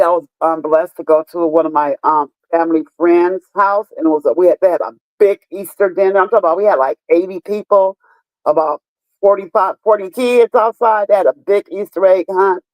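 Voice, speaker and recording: On a casual live stream, a woman in her fifties addresses her viewers directly, telling stories with emphasis and frequent profanity. She has a lowish, slightly mellow voice, captured in a dry, rough recording.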